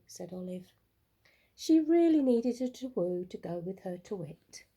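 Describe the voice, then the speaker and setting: Reading to children from a picture book, a woman teacher uses a husky, mid-range voice and a slow, expressive storytelling delivery.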